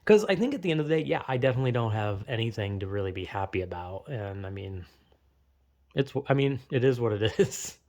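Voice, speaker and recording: A man's voice: medium pitch, animated, a little fast, a little mellow. A young man in a rambling, profane, self-deprecating casual monologue, full of fillers and restarts.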